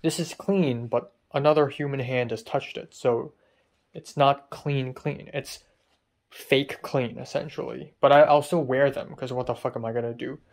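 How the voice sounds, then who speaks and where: Young dude venting on his vlog, annoyed, swearing a lot, ordinary mid pitch. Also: steady tone, normal speed, vocal fry, a little mellow. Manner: frustrated ranting, swears often. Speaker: vlogger. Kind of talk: casual vlog monologue.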